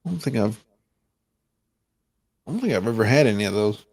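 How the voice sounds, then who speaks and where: A man's voice: lowish voice, lively intonation, a little fast, a little mellow, no echo. Rambling, self-interrupting male co-host. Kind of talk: casual livestream chat.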